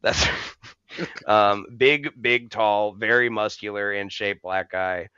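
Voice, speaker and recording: A man's voice: on the low side, steady tone, takes it slowly, bright, forceful tone, clean tone, dry recording, highs cut off. A man co-hosting a podcast, telling rambling, profane stories in casual chat and laughing as he goes. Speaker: podcast co-host. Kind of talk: casual storytelling.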